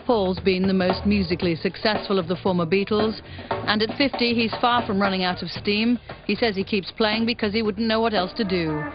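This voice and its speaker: A woman presenter reading a scripted entertainment news report in a brisk, polished way. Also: mid-range voice, steady tone. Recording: dull lo-fi broadcast audio. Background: clear music bed.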